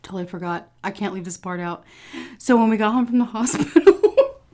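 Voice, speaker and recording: A woman's voice: medium pitch, expressive, a little fast, mellow. A tired woman talking candidly to her viewers in a casual home food vlog, swearing freely and often saying "you guys". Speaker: food vlogger.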